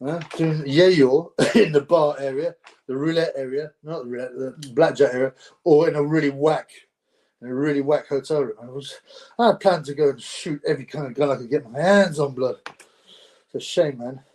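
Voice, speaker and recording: A young man chats loosely on his own livestream, rambling from topic to topic. His voice sits a little high for a man, and his talk is full of street slang and laughter. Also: normal speed, a little mellow. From United Kingdom. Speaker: livestream host. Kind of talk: casual solo livestream chat.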